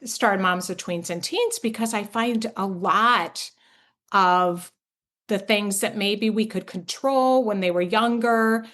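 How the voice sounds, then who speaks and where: A woman's voice: mid-range voice, slow pace, fairly bright tone. A middle-aged woman hosting a parenting podcast, chatting enthusiastically and affirming her guest, with lots of fillers and restarts. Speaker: podcast host. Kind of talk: conversational interview.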